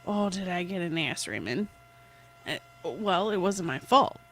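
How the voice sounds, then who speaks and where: A woman's voice: on the low side, expressive, unhurried, a bit bright, low-quality recording. Chatty woman telling a story. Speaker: livestream host. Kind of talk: casual chat and storytelling.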